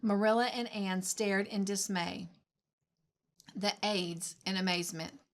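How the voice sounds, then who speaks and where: A woman who runs a storybook channel, reading a classic novel aloud in a measured, expressive way. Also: medium pitch. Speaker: storybook reader.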